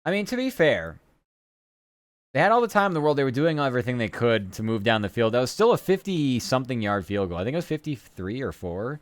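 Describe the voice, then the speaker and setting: A man's voice: mid-range voice, very animated, fairly quick, no room sound. A man streaming, chatting casually and rambling loosely, with the odd swear word. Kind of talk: casual live-stream chat.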